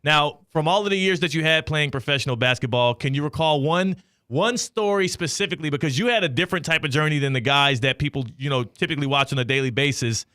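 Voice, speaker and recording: A man's voice: a little high, quick pace, pushed and bright, smooth, no echo, clean studio sound. A man hosting a sports radio show, asking questions in a playful, teasing way. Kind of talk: casual sports radio interview.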